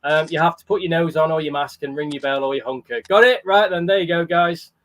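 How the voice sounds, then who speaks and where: A man's voice: a little high, fast, fairly bright tone. A man hosting a charity livestream in a casual, chatty way, greeting viewers by name. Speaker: livestream host.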